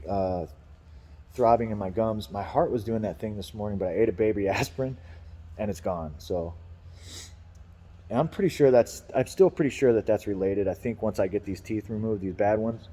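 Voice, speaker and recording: Cast: low-voiced man, rambling, profane vlogger venting about work, casual delivery. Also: warm tone, long reverb tail.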